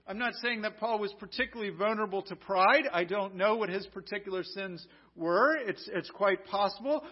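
An American man and pastor preaching a sermon earnestly, asking rhetorical questions and often restarting his sentences. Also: very high voice. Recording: dull lo-fi recording.

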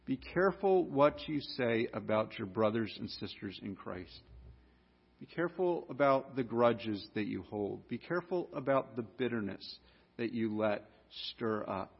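An earnest man preaching, his slightly husky voice pressing into emphatic warnings. The sound is dull and muffled, with a long reverb trailing each phrase as if in a large hall. His voice sits a bit high for a man. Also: lively intonation, a little slow. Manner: earnest, rises to emphatic exhortation with repeated warnings. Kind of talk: sermon.

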